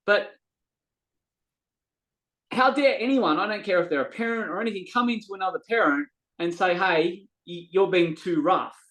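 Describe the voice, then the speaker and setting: Man, middle-aged, high voice, lively storytelling, quotes voices. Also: moderate pace, low-quality recording. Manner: animated, acts out quoted dialogue, frequent restarts. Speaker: podcast guest. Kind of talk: casual conversational storytelling.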